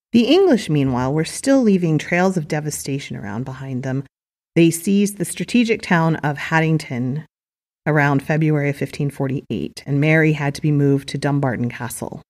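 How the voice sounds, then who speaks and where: Podcast host: woman with a low voice, relaxed conversational history narration, chatty asides. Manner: casual, chatty asides to listeners.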